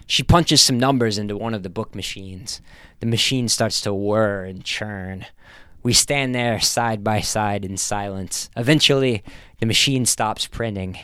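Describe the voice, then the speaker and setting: A man narrating a first-person story in a dry, deadpan manner. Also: fairly low pitch, a little slow, clear, resonant tone, dry recording.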